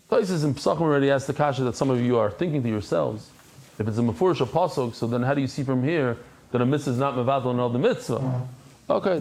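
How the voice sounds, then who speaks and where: A man leads a daily Talmud class in a slightly higher-than-average voice. He speaks conversationally, turns to his listeners, and throws himself into telling stories along the way. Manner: animated storyteller who acts out anecdotes; conversational, addresses the class directly. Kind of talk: Talmud lecture.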